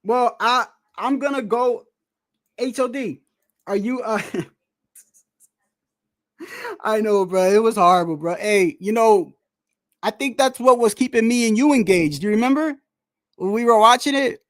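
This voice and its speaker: A man, a boxer, chatting casually about a fight, animated and laughing, saying "bro" a lot. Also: very high-pitched, measured pace, pauses often. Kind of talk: casual fight commentary chat.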